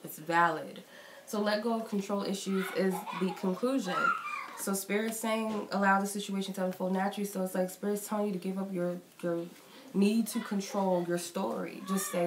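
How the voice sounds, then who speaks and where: A woman's voice: mid-range voice, fairly even intonation, moderate pace. A woman giving a casual, rambling tarot reading. She says she is getting sick and is a little out of breath. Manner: chatty and reflective, loose rambling phrasing. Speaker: tarot reader. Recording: echoey room with faint noise.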